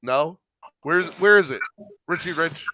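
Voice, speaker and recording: A man hosting a sports podcast in casual chat, animated, laughing often and repeating his words. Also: on the high side, measured pace. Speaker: podcast host.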